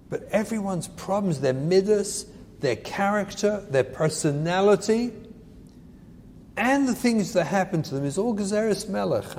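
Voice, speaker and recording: A male rabbi giving a lecture on parenting, animated and emphatic, repeating his key points. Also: high-pitched, big-room sound, a little hiss or hum.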